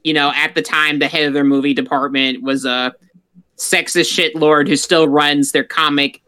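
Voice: mid-range voice, steady tone, normal speed, bright, forceful tone, clear, resonant tone. A podcast co-host in casual pop-culture chat, rambling and opinionated, full of fillers.

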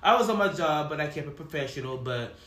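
Bright-voiced man in his forties, echoey room. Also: a little high, expressive, fast. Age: 40s. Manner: rambling, laughs often while storytelling. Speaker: podcast host. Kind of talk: casual chat.

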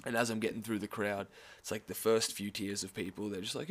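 A young Australian man tells a rambling story in a loose, laid-back way, full of swearing and quick laughs. His voice sits a little low for a man. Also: steady tone, fairly bright tone. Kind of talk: casual storytelling.

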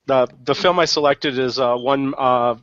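A man who is a guest on a casual movie podcast, talking in a relaxed way with some hesitation. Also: medium pitch, normal speed, dry recording. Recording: dry, dull lo-fi sound.

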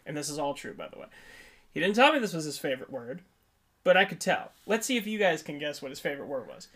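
Animated male comedic storyteller. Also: a little high, fast. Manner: animated storyteller, lots of impressions and laughter. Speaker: podcast co-host.

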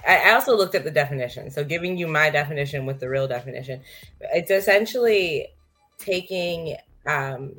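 A woman co-hosting a casual podcast discussion, explaining her points in a measured way with a few fillers. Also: deep voice, fairly bright tone. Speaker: podcast co-host.

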